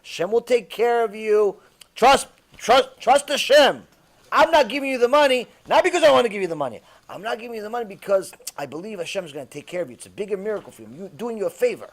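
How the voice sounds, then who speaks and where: A man's voice: high voice, animated, fast. A man voicing a smug, stingy man who piously refuses to lend money. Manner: smug, preachy.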